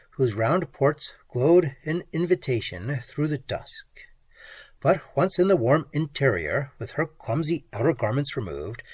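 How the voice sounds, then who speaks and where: Audiobook narrator, slow and breathy, really swoopy dramatic delivery, dry close mic. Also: no echo. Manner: lively, dramatic storytelling, swinging widely in pitch.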